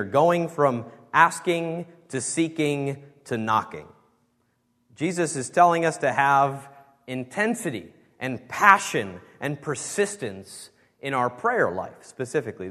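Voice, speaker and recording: A pastor with a medium-pitched, slightly bright voice delivers a sermon with earnest emphasis, leaning heavily on key words. The recording carries the long reverb of the church sanctuary where he speaks.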